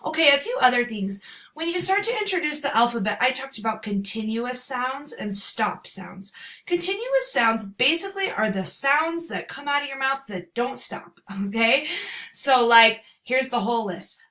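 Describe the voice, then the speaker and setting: A woman's voice: sits high, big pitch swings, normal speed, sharp tone. A woman in her thirties giving an upbeat lesson to parents, acting out letter sounds with exaggerated emphasis. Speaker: teacher. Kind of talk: instructional talk to parents.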